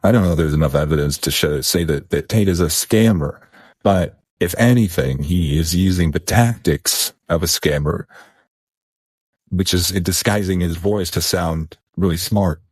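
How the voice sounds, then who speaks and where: A man's voice: deep voice, moderate pace, husky, dry recording, studio quality. A man co-hosting a podcast in casual chat, rambling and restarting his sentences. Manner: rambling, repeats words, restarts. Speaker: podcast co-host.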